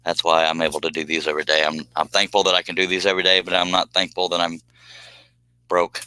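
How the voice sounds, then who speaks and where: Man, low and bright-edged, dry close sound; a joking, rambling streamer talking to his viewers. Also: flat delivery, quick pace, smooth, no room sound, low-quality recording. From United States. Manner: rambling and joking, drifting into tangents. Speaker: live streamer. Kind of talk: casual live-stream chat with viewers. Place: home streaming space.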